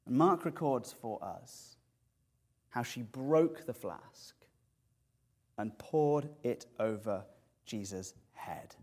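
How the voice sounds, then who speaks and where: A man preaching an expository sermon, lively and animated as he explains words and tells the story. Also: medium pitch, slow pace, long pauses.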